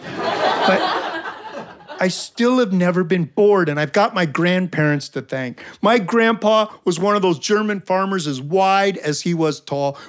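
A man with a somewhat high voice, telling warm-hearted family stories in a folksy, reflective way. His comic timing lands the punchlines. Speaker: storyteller and guest. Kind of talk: storytelling for an audience.

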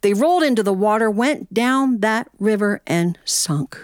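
A woman telling a comic story live to an audience, animated and playful with good comic timing. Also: medium pitch, a little slow, no room sound, clean studio sound. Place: radio studio with an audience.

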